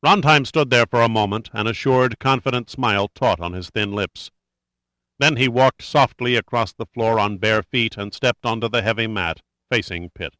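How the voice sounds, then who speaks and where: A man reading a thriller aloud as narrator in a steady, measured way. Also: medium pitch, dry recording. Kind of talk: scripted audiobook narration.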